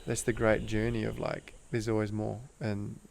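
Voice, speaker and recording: This is a man with a low, gravelly voice. He tells a personal story in easygoing slang. His delivery stays flat and earnest, and it often drops to a soft hush. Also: normal speed, slight background noise. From Australia. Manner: laid-back slang, calls the host bro; earnest and emotional, drifts into soft hushed tones. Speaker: guest, breathwork teacher.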